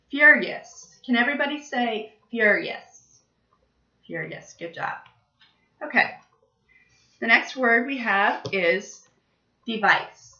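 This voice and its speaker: A young woman teaching vocabulary to small children, speaking slowly and with exaggerated emphasis. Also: medium pitch, pushed and bright. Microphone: laptop webcam. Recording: distant, roomy, dull webcam audio.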